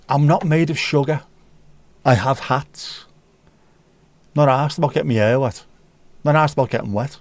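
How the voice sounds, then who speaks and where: A man's voice: mid-range voice, moderate pace, long pauses, a little mellow, no echo. A man hosting a livestream, rambling through jokey, sweary anecdotes in casual chat. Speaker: livestream host.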